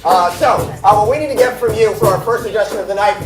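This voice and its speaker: High-voiced man hosting a live comedy show. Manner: joking, quick announcer patter with laughs. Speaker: improv show referee host. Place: large comedy theater stage. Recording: roomy hall sound from far off, music.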